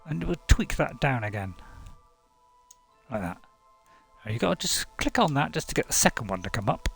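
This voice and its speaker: A man's voice: mid-range voice, big pitch swings, normal speed, creaky, faint music behind. A middle-aged man, casually commentating on gameplay in a rambling, chatty way with chuckling asides. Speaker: gaming channel host.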